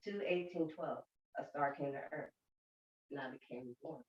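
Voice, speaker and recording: A woman's voice: sits low, lively intonation, normal speed. A woman, a mother, reading a heartfelt poem aloud. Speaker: guest, mother. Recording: echoey room, far from the mic, dull sound.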